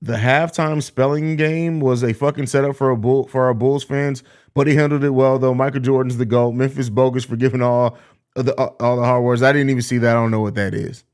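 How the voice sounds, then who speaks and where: A man hosts a live sports podcast in casual livestream style, reading chat messages and reacting bluntly, profanely and sarcastically. His medium-pitched voice is smooth and darkish, brisk, with fairly even intonation.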